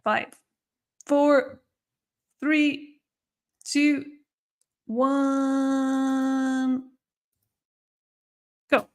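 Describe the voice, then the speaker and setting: A woman in a live online class, explaining grammar to a camera with a lively, fairly high voice. She slows right down on example sentences, drawing the words out for emphasis. She counts students down before each task. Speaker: English exam teacher.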